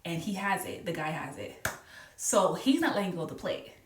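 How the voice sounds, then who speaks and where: A woman's voice: lowish voice, moderate pace, a little hiss or hum. Chatty woman in an echoey room. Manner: animated, laughing, acts out voices in quotes. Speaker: vlogger telling a story. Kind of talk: casual storytime chat. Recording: roomy echo, mic a little far off.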